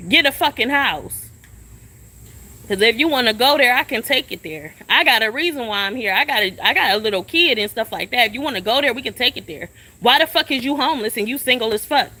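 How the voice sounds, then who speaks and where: A woman's voice: fairly high pitch, lively intonation, quick pace, hardly any pauses, sharp tone. A young woman ranting on a phone live stream outdoors at a shelter, confrontational and profane, firing the same questions again and again. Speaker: livestreamer. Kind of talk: venting live-stream rant.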